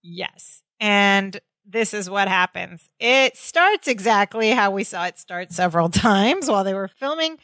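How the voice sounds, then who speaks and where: A woman's voice: mid-range voice, expressive, measured pace, hardly any pauses, a bit bright, no room sound. A woman co-hosting a podcast, casually retelling a sitcom episode scene by scene. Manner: chatty, retells scenes with quoted lines. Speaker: podcast co-host.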